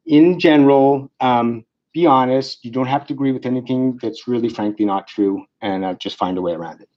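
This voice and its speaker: This dull, lo-fi recording holds a clinical lecture on psychiatry delivered by a man with a mid-range voice. He speaks briskly and conversationally, frequently using fillers and starting over.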